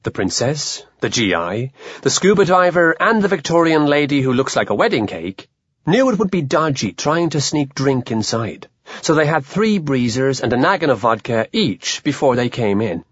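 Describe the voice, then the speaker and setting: A man narrating an audiobook in a wry, expressive way. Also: mid-range voice, moderate pace, breathy edge, no echo, lo-fi sound.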